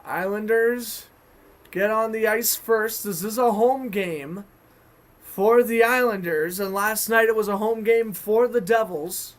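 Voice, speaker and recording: A man with a Boston accent giving chatty, excited fan-made play-by-play commentary on a hockey game. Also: sits high, unhurried. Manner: excited, chatty, self-correcting. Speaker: sports commentator.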